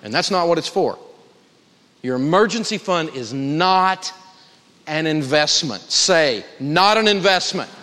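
A man's voice: on the high side, expressive, slow pace, pauses often, a bit bright. Emphatic man lecturing in a hall. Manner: emphatic, humorous, folksy storytelling. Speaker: personal finance teacher. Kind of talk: live lecture to an audience.

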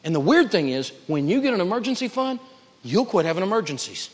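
A man's voice: sits high, big pitch swings, quick pace. A man teaching personal finance to a live audience, emphatic, humorous and folksy as he tells stories. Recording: reverberant lecture hall.

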